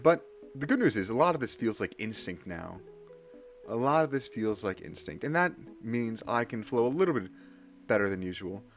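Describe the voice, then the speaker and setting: A man chatting casually on a live stream while practicing Japanese kana, self-deprecating and nervously energetic. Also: on the low side, moderate pace, soft background music. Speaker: livestreamer studying Japanese kana.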